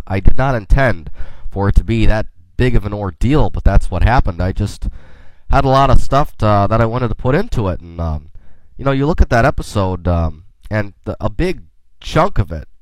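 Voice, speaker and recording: On his solo podcast, a slightly sick-sounding man chats in a rambling, folksy way, tossing out playful in-character space banter. His mid-range voice is expressive and moves at a normal speed. It's a dry recording with poor audio.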